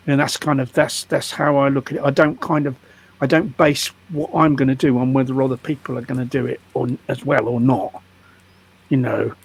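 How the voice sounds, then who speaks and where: An older man in casual conversation, halting and stammering through restarts. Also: medium pitch, flat delivery, slightly rough. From United Kingdom. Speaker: guest activist.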